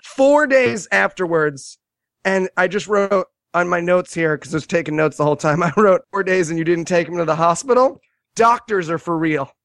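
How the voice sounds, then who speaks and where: A man casually retelling a movie's scenes with sarcastic jokes, animated and quick to mock. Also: sits high, no echo. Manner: sarcastic, animated storytelling with quoted asides. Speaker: podcast co-host reviewing a movie. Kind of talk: casual comedic movie review chat.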